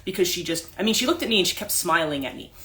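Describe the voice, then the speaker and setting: A woman's voice: fairly low pitch, lively intonation, very fast, pushed and bright. A woman life coach hosting a livestream, telling a story casually with many restarts and asides, into a phone mic.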